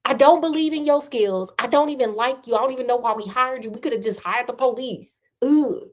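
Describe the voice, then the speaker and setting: A woman's voice: mid-range voice, expressive, unhurried, darkish tone. A woman voicing a haughty, impatient rich male lord who hurls slangy, dismissive insults.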